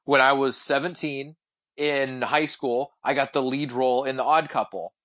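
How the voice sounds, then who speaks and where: A man's voice: medium pitch, fairly even intonation, normal speed, fairly bright tone. A young man co-hosting a casual podcast, blunt and opinionated, swearing freely. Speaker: podcast co-host.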